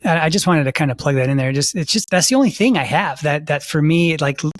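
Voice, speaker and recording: A man's voice: a little high, quick pace, no room sound, studio quality. A man co-hosting a podcast, chatty, with self-deprecating asides. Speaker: podcast co-host. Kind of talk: casual podcast talk.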